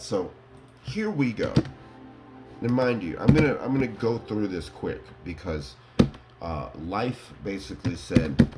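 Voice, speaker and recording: Low voiced guy rambling thru a story to his viewers, laughs a lot, pitch jumps all over. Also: a little hiss or hum. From Colorado. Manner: animated, laughing, rambling with fillers. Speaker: vlogger.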